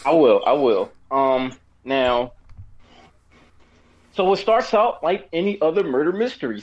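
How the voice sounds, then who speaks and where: Lively rambling man reviewing a movie. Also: mid-range voice, highs cut off. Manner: animated, rambling, frequent fillers and restarts. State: has the hiccups. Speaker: podcast co-host giving a movie review. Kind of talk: casual chat.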